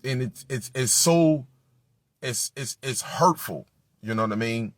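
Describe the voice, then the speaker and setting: A man giving an impassioned, profane preaching monologue that builds to shouting. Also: medium pitch, expressive, a little slow, no room sound, clean studio sound. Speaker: spiritual speaker.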